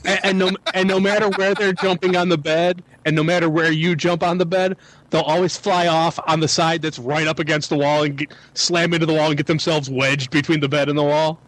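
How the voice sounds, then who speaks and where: A man's voice: fairly high pitch, little pitch movement, fairly quick, a bit bright, poor audio. A man talking in casual podcast chat, with dry, wry humor. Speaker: podcast co-host, father.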